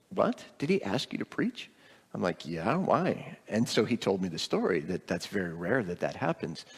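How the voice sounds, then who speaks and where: A man's voice: mid-range voice, big-room sound. A middle-aged man, a pastor, casually reporting on a mission trip to his congregation, rambling with many ums and light jokes.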